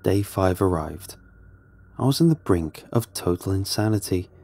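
A man with a low, dark, husky voice tells a first-person horror story with tense drama. His pitch moves widely as he narrates. Faint music sits under the voice. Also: lively intonation, moderate pace.

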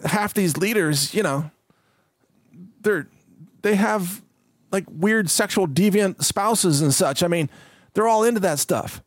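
A man's voice: sits high, takes it slowly, pauses often, dry recording. Emphatic male commentator with a dry sound. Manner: emphatic, conversational with frequent fillers. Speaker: political commentator. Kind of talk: solo commentary reading and paraphrasing quotes.

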